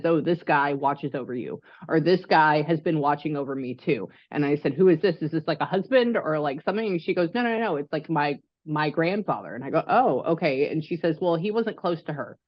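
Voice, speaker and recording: A chatty, excitable woman giving a medium reading over a video call, rambling freely with fillers. Her voice sits fairly low. The sound is dry and a little dull, like call audio. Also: brisk, dry recording. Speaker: psychic medium.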